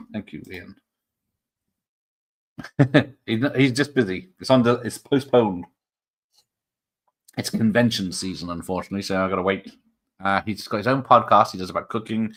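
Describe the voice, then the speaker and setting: A man's voice: sits low, fairly bright tone. A man hosting a casual live stream, rambling through comments with frequent fillers and chuckles. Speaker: host of a live show.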